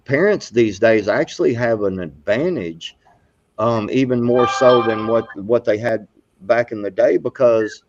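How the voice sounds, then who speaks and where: A man's voice: mid-range voice, a little slow, noisy background. A middle-aged man hosting a casual live talk show, rambling with many fillers and restarts. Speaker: podcast host. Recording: dull, muffled sound.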